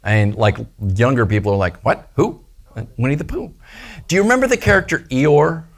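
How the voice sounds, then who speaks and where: Lively playful male pastor. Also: medium pitch, normal speed. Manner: animated, playful, acts out quoted voices. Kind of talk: casual sermon. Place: small church gathering.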